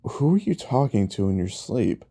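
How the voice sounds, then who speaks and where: A man's voice: lowish voice, very animated, normal speed, creaky, warm tone, husky, heavily acted. A man voicing a blunt protective father.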